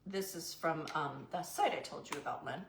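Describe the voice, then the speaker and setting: Low-voiced chatty woman hosting a craft stream. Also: normal speed, echoey room, heavy background noise. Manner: chatty and goofy, answers live chat by name; says "y'all" to viewers. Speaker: craft live-stream host. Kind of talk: live painting demo, chatting with viewers.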